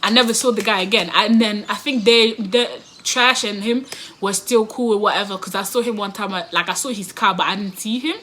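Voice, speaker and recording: A woman telling a story casually to camera, animated, often laughing and acting out what others said. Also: mid-range voice, a little fast, slight background noise. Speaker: vlogger.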